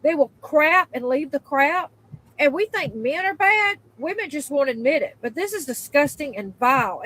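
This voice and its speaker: A woman venting in an angry, profane rant, swearing often and breaking into loud, shrill outbursts. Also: rough recording. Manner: profane, exasperated, emphatic; spikes into loud high outbursts. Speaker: worker venting in a video clip.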